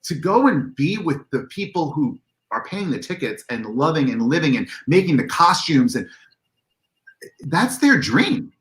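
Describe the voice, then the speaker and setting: A man on a video call, telling convention stories in an animated way and acting out the dialogue in a raised voice. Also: on the high side, a little slow, reverberant. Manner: excitable, acts out dialogue in a raised voice. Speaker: convention organizer guest. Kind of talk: animated storytelling on a livestream.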